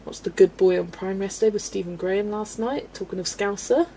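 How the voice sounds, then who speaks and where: A woman from the UK hosts a casual live stream from home and reads her viewers' comments aloud. Her voice has a touch of gravelly fry. She chats in a giggly, easygoing way over a faint background hiss. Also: mid-range voice, brisk, mellow, poor audio.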